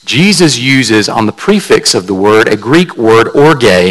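A man's voice: medium pitch, very animated, a little slow, hardly any pauses, a bit bright, poor audio. A man pastor delivering a sermon in a conversational, storytelling way, carefully explaining word meanings like a teacher.

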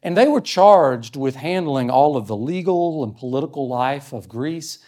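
An earnest male preacher teaching from scripture, his voice sitting at an ordinary middle pitch. He explains each point patiently and reads verses aloud in a sermon style. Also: lively intonation, normal speed, mellow. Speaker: pastor.

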